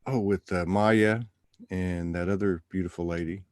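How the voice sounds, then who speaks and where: A man's voice: low voice, fairly even intonation, normal speed, dry recording. A man hosting a live show, chatting loosely and rambling through his thoughts. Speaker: livestream host. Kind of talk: casual spiritual chat.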